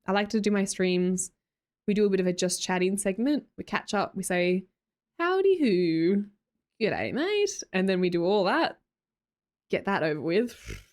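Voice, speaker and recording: A woman's voice: medium pitch, moderate pace, darkish tone. A young Australian woman chatting casually on a live stream, greeting chatters and laughing often. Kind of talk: casual live-stream chat, reading chat aloud.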